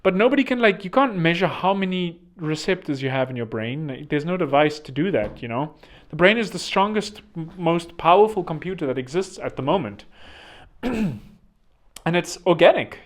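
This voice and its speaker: A man's voice: fairly high pitch, lively intonation, fairly quick, few pauses. A man hosting a podcast, talking in a rambling, chatty way with joking asides. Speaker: podcast host. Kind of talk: casual podcast monologue.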